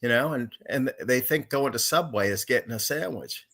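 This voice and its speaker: A man's voice: mid-range voice, moderate pace, a bit bright. A man, a guest author, chatting casually and chiming in with short friendly remarks. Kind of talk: casual conversation.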